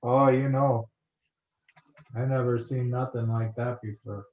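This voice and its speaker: A man's voice: medium pitch, fairly even intonation, a little slow, close to an everyday voice. A man putting on a folksy guy's voice, rambling and chuckling as he talks. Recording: roomy, dull lo-fi sound.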